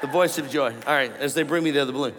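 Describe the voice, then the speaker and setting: A man preaching a sermon to a congregation, animated and joking with the crowd. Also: medium pitch, very fast, a little hiss or hum. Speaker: pastor. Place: large church auditorium. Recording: long hall reverb, faint ambience.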